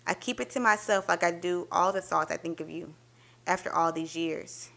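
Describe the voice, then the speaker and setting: A woman with a fairly low voice reads a short story aloud as a dramatic performance. She tells it in an intimate, expressive first-person voice. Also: moderate pace, gravelly. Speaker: book reviewer reading a story aloud.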